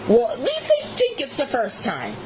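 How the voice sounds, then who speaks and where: A food reviewer in a vlog clip, upbeat and giving quick ratings out of ten. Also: female voice, on the high side, wildly swooping pitch. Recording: noisy clip with background ambience.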